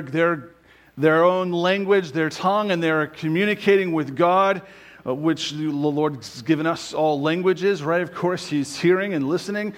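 A man preaching a conversational sermon as pastor, often checking in with rhetorical questions and slowing down to quote scripture. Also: on the high side. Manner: quotes scripture slowly and deliberately.

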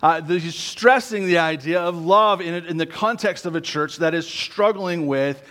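A man preaching a sermon in a conversational way, often adding tag questions and dropping low and quiet on key words. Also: moderate pace, hardly any pauses. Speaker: pastor.

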